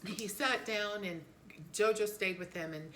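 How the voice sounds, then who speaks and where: A middle-aged woman co-hosting a family podcast, telling a story in a casual, animated way and jumping high when she quotes people. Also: unhurried, a crowd in the background. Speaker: podcast co-host.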